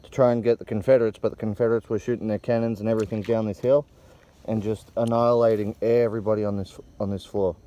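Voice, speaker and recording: A man's voice: on the low side, quick pace. A man filming an outdoor walking tour on a hillside and narrating it in a casual, vivid way on a handheld camera mic. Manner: excited, vivid retelling.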